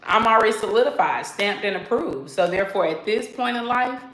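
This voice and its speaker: A woman talking casually to her viewers in a sassy, animated vlog style, laughing and swearing freely. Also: medium pitch, a little fast, echoey room, low-quality recording. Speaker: vlogger. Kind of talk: casual self-talk vlog.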